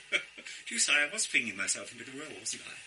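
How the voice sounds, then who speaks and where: Vain, florid stage-actor type; bright, ringing tone and wide, showy pitch swings. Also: male voice, big pitch swings, fast, slight background noise, rough recording. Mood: conspiratorial. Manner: pompous, florid, self-admiring. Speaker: storyteller. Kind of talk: theatrical one-man storytelling.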